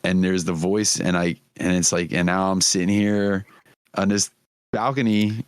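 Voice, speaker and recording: A man's voice: low-pitched, flat delivery, normal speed, clean tone, no room sound, clean studio sound. A man hosting a casual comedy podcast, telling rambling, profane stories and laughing often as he goes. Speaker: podcast host.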